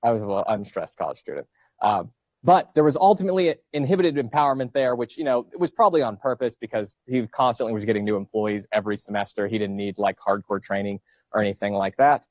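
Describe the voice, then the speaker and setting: A man's voice: lowish voice, quick pace, a little mellow, no room sound. A man in his thirties, a college professor giving a casual lecture, joking and asking his students questions. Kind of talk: classroom lecture with student banter. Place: classroom.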